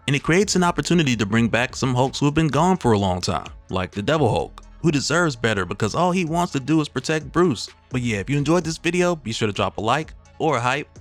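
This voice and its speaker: Laid-back man recapping a comic. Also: medium pitch. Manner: laid-back, slangy, lively storytelling. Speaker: comic book recap host. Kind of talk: casual comic story recap.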